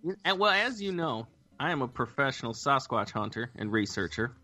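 A man's voice: mid-range voice, sing-song, brisk, sharp tone, faint music behind. An American man, a guest, chatting casually in an easygoing, drawling way. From United States. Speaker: guest, Sasquatch hunter. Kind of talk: casual chat.

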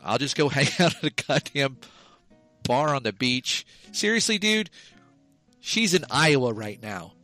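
A man's voice: medium pitch, lively intonation, unhurried, pushed and bright, dry recording, faint music behind. A man co-hosting a podcast, rambling and joking with swearing, telling silly made-up scenarios. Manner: rambling, profane, jokey storytelling. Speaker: podcast co-host. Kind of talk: casual chat.

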